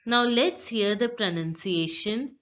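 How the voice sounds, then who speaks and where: Woman, teacher, very slow and careful, patient repetition, dull lo-fi sound. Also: a little high, lively intonation, a bit bright. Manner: patient, repeats words for learners. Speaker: French teacher. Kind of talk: slow explanatory lesson.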